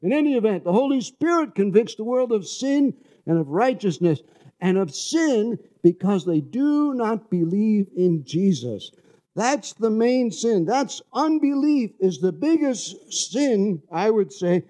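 A man's voice: high-pitched, very animated, unhurried, warm tone. A man from New York City preaching a conversational sermon, often asking the congregation for an amen.

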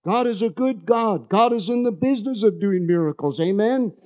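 High mellow-voiced guy from new york preaching, chatty, keeps asking amen?. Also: lively intonation, normal speed. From New York City. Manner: conversational, asks the congregation "amen?". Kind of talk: sermon.

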